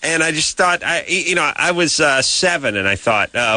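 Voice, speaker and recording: A man's voice: fairly high pitch, lively intonation, moderate pace, bright, forceful tone, no room sound. A man hosting a call-in radio show who riffs on callers with sarcastic, comic banter. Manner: wry, riffing, sarcastic.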